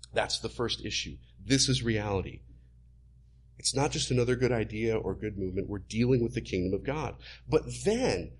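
A man's voice: medium pitch, breathy edge. A man preaching a sermon in an emphatic, teaching manner.

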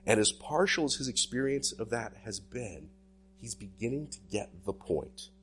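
Guy pastor giving a sermon, kinda husky voice, pitch jumps all over. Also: moderate pace. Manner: animated preaching, sweeping pitch swings.

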